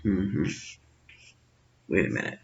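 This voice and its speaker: A man doing a tarot card reading, musing and thinking aloud with pauses, recorded at home. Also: deep voice, lively intonation, gravelly. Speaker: tarot reader. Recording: slightly dull lo-fi sound with faint noise.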